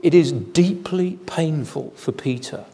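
A man preaching an evening sermon in a church, measured and deliberate, with solemn emphasis. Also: on the high side, animated, vocal fry, mellow, slightly rough. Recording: long hall reverb.

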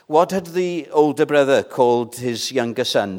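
A man preaching a sermon in a church, earnest and measured, pressing his points with questions to the congregation. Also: mid-range voice, lively intonation, a bit bright.

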